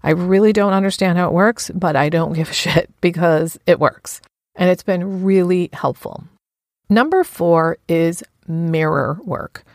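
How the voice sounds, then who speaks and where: Woman w/ low gravelly voice, blunt and earnest, swears casually, dry close sound. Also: no echo. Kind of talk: personal self-help talk.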